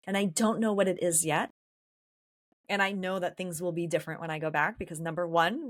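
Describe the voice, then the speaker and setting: A woman's voice: fairly low pitch, a bit bright. A woman from San Diego hosting a podcast, talking through her feelings in a candid, introspective personal monologue. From San Diego, California. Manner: candid, introspective, emotionally open. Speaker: podcast host.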